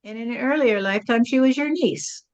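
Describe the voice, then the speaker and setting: A woman's voice: on the high side, a little fast, a little mellow. Woman channeling spirits, dull lo-fi sound. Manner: musing, tags lines with "you see". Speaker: spirit medium.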